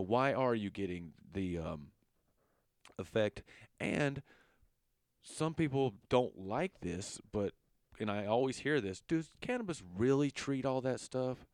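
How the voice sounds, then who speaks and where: A man with a Southern accent giving a casual lesson, relaxed and full of fillers, stumbling over long chemical names. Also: medium pitch, smooth, no echo, studio quality. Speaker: educator.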